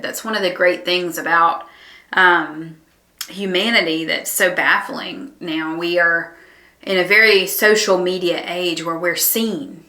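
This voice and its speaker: A woman teaching a conversational Bible lesson in an earnest, reflective way, pausing with ums and restarting her thoughts. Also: lowish voice, pushed and bright, echoey room.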